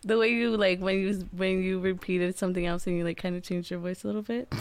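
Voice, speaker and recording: A woman's voice: lowish voice, fairly even intonation, fast talker, no echo. A woman co-hosting a casual chat, giggly and full of fillers. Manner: chatty, giggly, trails off with fillers.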